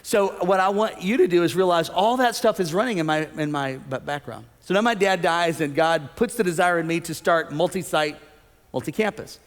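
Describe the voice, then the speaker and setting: A man preaching a sermon as pastor, animated, acting out the voices he quotes. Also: on the high side, fairly quick. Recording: long hall reverb.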